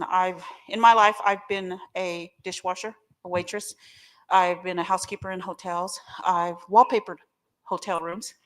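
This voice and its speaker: A middle-aged woman from Oklahoma, guest speaking at a recovery meeting, gives a candid, emotional personal testimony with jokes, addressing the crowd directly. Her voice is medium pitch with a fairly bright tone.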